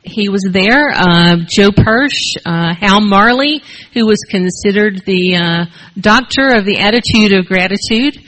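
Older woman giving a halting personal testimony. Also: medium pitch, fairly bright tone, low-quality recording. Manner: halting, many fillers and pauses. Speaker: speaker at a recovery meeting. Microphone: shared handheld mic.

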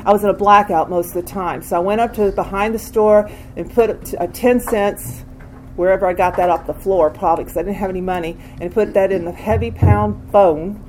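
An older woman sharing a candid personal recovery testimony, with frequent restarts and pauses. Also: medium pitch, a little mellow, a little hiss or hum, poor audio. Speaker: speaker sharing a recovery story.

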